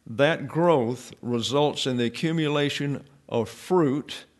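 A man's voice: mid-range voice, slow pace. A middle-aged man giving a verse-by-verse Bible lesson in a scholarly way, with dry asides and frequent fillers. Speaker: Bible teacher.

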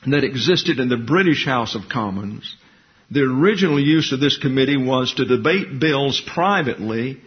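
Male lecturer, mid-pitched, opinionated history lesson with casual asides, muffled lo-fi sound. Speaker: teacher.

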